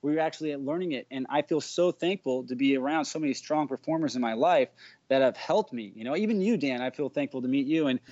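A man guest juggler from the United States, chatting on a podcast as an animated storyteller who acts out the quotes. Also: mid-range voice, quick pace, dry recording. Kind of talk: casual podcast chat. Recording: dull, dry lo-fi sound.

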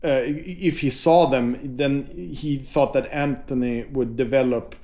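A man's voice: mid-range voice, fairly even intonation, slow, darkish tone. A man in casual conversation as interviewer, thoughtful and searching for the right words.

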